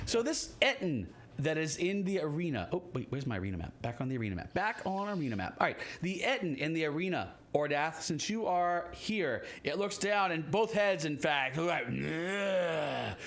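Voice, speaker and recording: A man's voice: a little high, a bit bright. A man running a tabletop game as game master, talking with many fillers and restarts.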